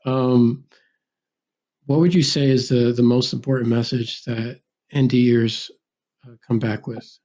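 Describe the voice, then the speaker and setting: A man hosting a podcast interview, chatting in a relaxed way and telling stories with lots of fillers. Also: mid-range voice, unhurried, pauses often. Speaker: podcast host. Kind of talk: casual interview.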